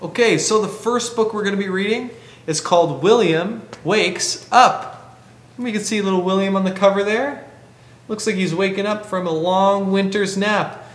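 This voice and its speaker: A man hosting a library storytime, reading a picture book to children and asking them gentle questions. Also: sits high, moderate pace. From Canada.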